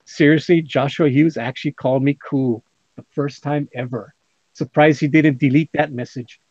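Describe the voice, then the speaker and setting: A man's voice: a little high, steady tone, moderate pace, a little mellow, breathy edge, dry recording, dull audio. A man hosting a casual livestream, reading chat comments aloud with jokes and laughter. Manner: jokey, laughs often. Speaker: livestream host.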